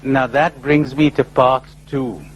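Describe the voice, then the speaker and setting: A man giving a spiritual talk to a live audience, animated and full of rhetorical questions, often acting out other people's replies. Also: medium pitch, takes it slowly, a little hiss or hum, rough recording. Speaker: spiritual speaker. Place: lecture before a live audience.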